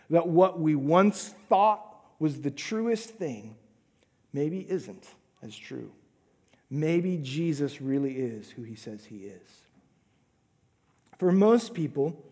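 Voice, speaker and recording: A man preaching a sermon, swinging between loud emphatic lines and hushed, whispered asides. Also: fairly high pitch, big-room sound. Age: adult father of a young son. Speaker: pastor.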